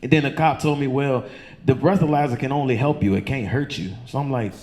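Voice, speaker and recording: A man works through a long stand-up story on a comedy club stage. He talks loose and profane at a middle pitch, and his voice leaps up high and squeaky whenever he acts out the people in his story. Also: fairly quick, darkish tone. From Chesterfield County, Virginia.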